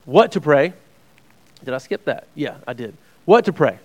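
A man's voice: on the high side, big pitch swings, normal speed. Chatty man preaching a casual sermon. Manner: chatty, restarts phrases, checks in with "right?". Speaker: preacher teaching a Bible study. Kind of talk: conversational sermon.

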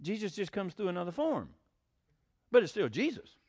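High-voiced preacher man. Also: wildly swooping pitch, normal speed, darkish tone, breathy edge, dry recording, studio quality. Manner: folksy, blunt, sarcastic asides. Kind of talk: sermon.

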